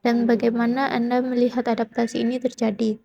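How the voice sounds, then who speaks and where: Young woman interpreting in a flat, mellow voice. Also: fairly high pitch, quick pace, creaky, muffled recording. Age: young adult. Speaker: student interpreter. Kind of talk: consecutive interpreting into Indonesian.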